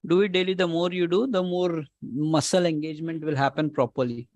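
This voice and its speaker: A man's voice: a little high, steady tone, a little fast, darkish tone, no room sound. A man with an Indian English accent coaching a live online session, giving instructions and repeating key advice, with Hindi words mixed in. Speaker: career coach hosting a live Q&A call.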